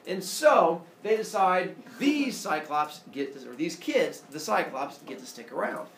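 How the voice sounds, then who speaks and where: Male storyteller, lively myth telling, asks listeners questions, very expressive pitch, roomy echo, distant mic. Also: measured pace, a little hiss or hum. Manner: animated, quizzes listeners as he goes.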